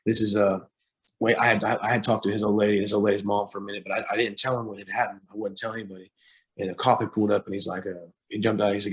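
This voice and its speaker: A young man, a guest on a talk show, telling a hard personal story, halting with fillers and restarts, close to tears at times. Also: lowish voice, flat delivery. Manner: halting, with many fillers and repeated starts.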